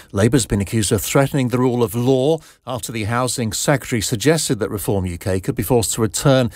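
A man reading a radio news bulletin in a measured, formal way from a studio. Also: mid-range voice, darkish tone, dry recording. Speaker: newsreader.

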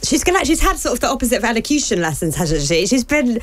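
A woman speaking as a guest on a radio panel, amused and lively. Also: a little high, quick pace. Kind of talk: studio panel discussion.

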